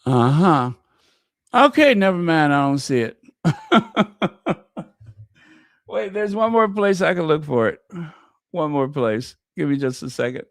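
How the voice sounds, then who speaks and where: Male gossip-channel host, slow and chatty, a bit high-pitched, thinks out loud. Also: sing-song, dry recording, clean studio sound. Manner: chatty, searching aloud while stumbling over words. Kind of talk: casual chat.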